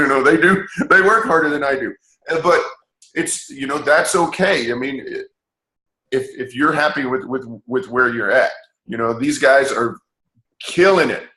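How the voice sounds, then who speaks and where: A man's voice: medium pitch, bright, forceful tone, roomy sound, rough recording. A man hosting a team call, giving motivational talk with many fillers and restarts.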